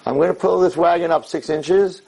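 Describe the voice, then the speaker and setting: A man's voice: a little high, a little fast, gravelly, dark tone, breathy edge, voice pushed up. A man voicing a plain, stubborn working man who speaks emphatically in a spoken parable. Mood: urgent. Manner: indignant, emphatic.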